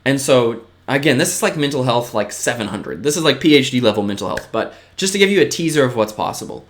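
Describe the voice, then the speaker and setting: A man giving a casual, earnest motivational talk to his viewers, often checking in with a quick "right?" and moving between eager bursts and softer, lower asides. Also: lively intonation. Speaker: vlogger.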